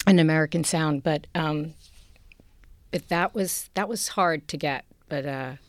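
A middle-aged actress from Queens with a New York accent, chatting in an interview with frequent laughs and halting restarts. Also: deep voice. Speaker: actress guest. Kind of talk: casual interview chat.

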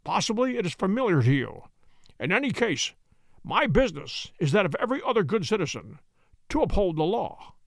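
A man's voice: sits high, very animated, a little fast, creaky, no echo, exaggerated voice. A man doing a cool, assured detective. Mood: stern. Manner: cool, stern and dry. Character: calm, assured middle-aged male detective.

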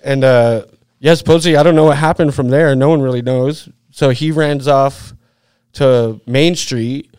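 A man's voice: mid-range voice, steady tone, normal speed, a little mellow, clean tone, dry recording, clean studio sound. A man in his forties from Utah, a podcast guest telling a story in a rambling, profane way, full of "like" and "dude". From Utah, USA. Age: 40s. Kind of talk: casual storytelling.

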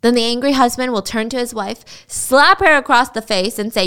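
A woman's voice: a little high, a little fast, pushed and bright, smooth. A woman podcast host telling a story in a chatty, casual way. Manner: chatty, laughs while telling.

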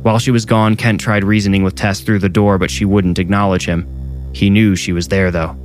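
A man narrating a horror story in a measured, suspenseful read. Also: lowish voice, flat delivery, soft background music.

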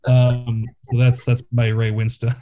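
A man's voice: medium pitch, completely flat delivery, unhurried, music in the background. A man on a casual podcast chat who tells stories in a laid-back way, giggling and using lots of fillers. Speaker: podcast panelist.

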